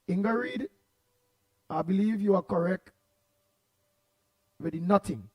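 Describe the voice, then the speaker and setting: A Trinidadian man hosting a morning call-in radio show, loud and passionate as he greets listeners one by one by name. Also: sits high, big pitch swings, a little slow, long pauses, no room sound.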